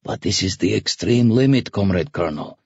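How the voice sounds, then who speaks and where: A man's voice: sits low, animated, normal speed, creaky, husky, dry recording, lo-fi sound, full character voice. A man voicing a timid, nervous male helmsman in an audiobook, apologetic and whining. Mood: anxious.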